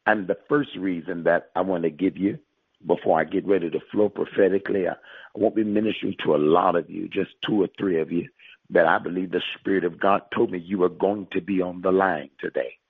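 A male pastor with a low, husky voice preaches and prophesies to listeners on a conference call, speaking briskly with fairly even intonation. He is emphatic and repetitive, stretching out key phrases. The dry recording comes over a tinny phone line.

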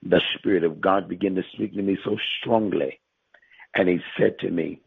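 A man's voice: low-pitched, steady tone, normal speed, gravelly, slightly rough, no room sound. A male pastor preaching and prophesying to listeners on a conference call, emphatic and repetitive, drawing out key phrases. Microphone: phone line. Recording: tinny phone line.

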